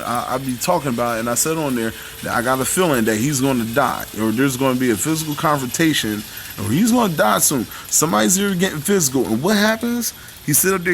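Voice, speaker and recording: A man's voice: medium pitch, a bit bright, slight background noise. A man ranting in live commentary, heated and profane, preaching at his viewers between clips.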